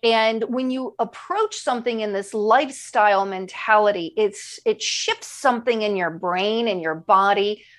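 A woman's voice: mid-range voice, a little slow, hardly any pauses, a bit bright. A woman nutrition coach speaking in a podcast interview, enthusiastic and emphatic, repeating her key phrases for effect.

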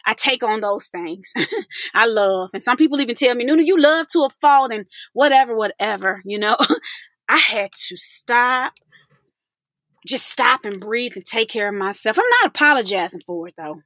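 A woman's voice: medium pitch, lively intonation, moderate pace, bright, forceful tone, no echo. A woman hosting a podcast, talking effusively, laughing often and calling her listeners y'all. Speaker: podcast host. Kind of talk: casual podcast chat.

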